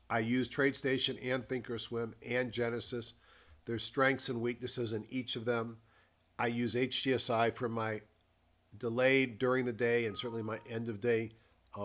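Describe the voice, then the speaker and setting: Man, mid-pitched, unhurried trader talking through charts, lots of ums and pauses. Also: a bit bright. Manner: unhurried, thinking aloud with frequent ums and pauses; reads a formal disclaimer. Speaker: trader giving a weekly market review. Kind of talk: dictated screen-share market commentary.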